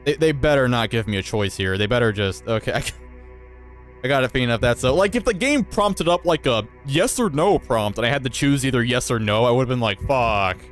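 A man hosting a let's play, reading the game's dialogue aloud and reacting emotionally, his voice jumping high when startled. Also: fairly quick, faint music behind. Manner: emotional, excitable, voice jumps high when alarmed. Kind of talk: reading game text aloud with casual commentary.

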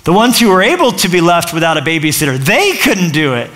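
A male pastor giving an energetic, conversational sermon in a church, full of asides and quick restarts. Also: a little high. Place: church stage.

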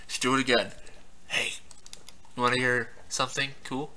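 A man's voice: mid-range voice, little pitch movement, moderate pace, pushed and bright. A young man giving casual let's-play commentary, laughing often, swearing and yelping at surprises in the game. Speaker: gameplay commentator.

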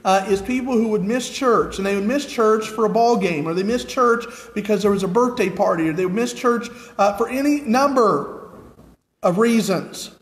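American guy preaching, fairly high voice, earnest, big roomy church echo. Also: moderate pace. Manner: earnest, asks the congregation repeated questions. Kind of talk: sermon. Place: church sanctuary with nearly empty pews. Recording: echoey church hall.

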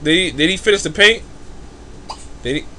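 This is a man giving relaxed, off-the-cuff commentary while he plays. His voice sits high and sounds piercingly bright. He rambles through crude jokes and heavy slang in a loose, casual way. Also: moderate pace, a little hiss or hum. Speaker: let's play commentator.

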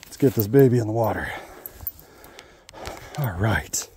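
A man's voice: fairly low pitch, animated, unhurried, warm tone, slight background noise. Pumped-up guy fishing on a river outdoors, chatting to the camera. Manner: enthusiastic, talks to viewers while fishing. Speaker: fishing vlogger. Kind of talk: excited outdoor narration to camera.

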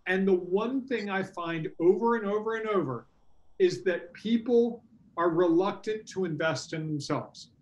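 A middle-aged man coaching entrepreneurs in a casual workshop talk, earnest and animated, acting out quoted dialogue. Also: high voice, a little slow. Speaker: workshop presenter and business coach.

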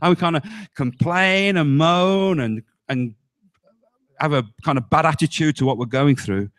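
Lively-pitched preaching pastor, a man. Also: normal speed. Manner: emphatic preaching, dropping low on key words; asks the congregation rhetorical questions. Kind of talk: sermon.

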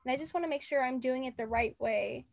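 A woman's voice: sits high, quick pace, gravelly, no room sound. A young woman, a prospective student, asking about submitting transcripts on a video call, eager and a little unsure. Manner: eager, slightly unsure, rambling.

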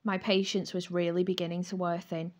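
A woman narrating a first-person romantic comedy novel aloud, with an expressive, wry storytelling manner. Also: fairly low pitch, fairly quick. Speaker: audiobook narrator.

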